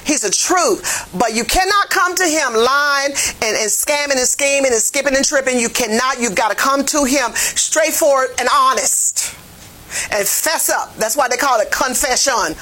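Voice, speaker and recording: A woman Bible teacher preaching a lesson in a fervent, plain-spoken way, her voice swelling to near-shouts. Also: high-pitched, moderate pace, poor audio. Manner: folksy, plain-spoken phrasing. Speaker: jail ministry Bible teacher.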